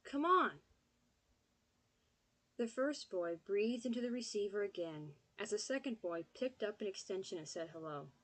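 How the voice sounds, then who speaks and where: A woman reading an audiobook in steady, scripted narration. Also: medium pitch, moderate pace, hardly any pauses, low-quality recording.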